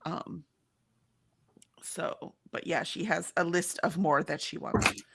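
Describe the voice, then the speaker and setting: A woman's voice: lowish voice, steady tone, slow pace, creaky, noisy background. A middle-aged woman co-hosting a casual livestream chat, rambling, restarting sentences and laughing often. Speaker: co-host of a livestream. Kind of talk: casual chat, reading chat comments aloud.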